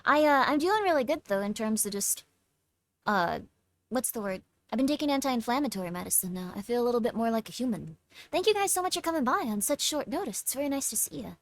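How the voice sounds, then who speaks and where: A woman's voice: a little high, very animated, fast, dry recording. A young woman streamer in casual livestream chat, tired, talking to her chat in a chatty, stumbling way. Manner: chatty, reads chat aloud, stumbles over words.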